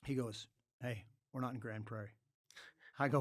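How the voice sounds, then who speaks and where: A middle-aged man, a former hockey player, telling stories as a podcast guest in a studio. He swears freely and breaks into loud outbursts. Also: medium pitch, fairly quick, long pauses, no room sound. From Canada. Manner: animated, profane storyteller with loud outbursts. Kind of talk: casual storytelling.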